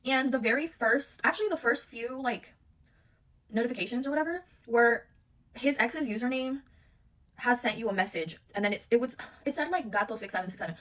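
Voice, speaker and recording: A woman's voice: on the high side, fast talker. A young woman telling a personal story in a casual vlog, rambling and swearing, with many fillers, acting out both sides of an argument. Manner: rambling, profane, animated retelling with many fillers; acts out both sides of the argument in quoted voices.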